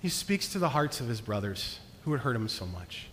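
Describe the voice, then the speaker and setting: A man preaching a sermon as pastor, earnest, moving between hushed and emphatic delivery. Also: medium pitch, very animated, brisk, slight background noise. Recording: long reverb of a large hall.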